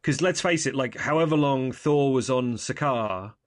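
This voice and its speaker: A man's voice: mid-range voice, moderate pace, dry recording. Wry rambling man, dry recording. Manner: rambling, self-correcting, wry. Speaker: podcast co-host. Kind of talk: casual film review chat.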